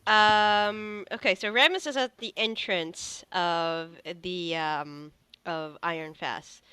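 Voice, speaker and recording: A woman's voice: fairly low pitch, fairly even intonation, slow, bright, forceful tone, clean tone, dry recording. A woman narrating a tabletop game as game master, rambling with many fillers and restarts.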